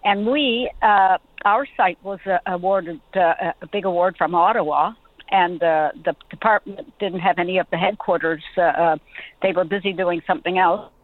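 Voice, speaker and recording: A woman's voice: lowish voice, normal speed, no room sound. An older woman calling a radio show, speaking hesitantly with many fillers. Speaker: caller. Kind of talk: phone-in call. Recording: tinny phone line.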